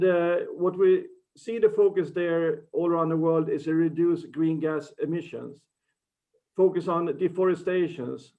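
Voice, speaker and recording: Man, earnest pitch, slightly high voice, muffled call audio. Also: a little mellow. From Sweden. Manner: earnest, slightly broken phrasing with restarts. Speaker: startup founder pitching. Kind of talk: business pitch.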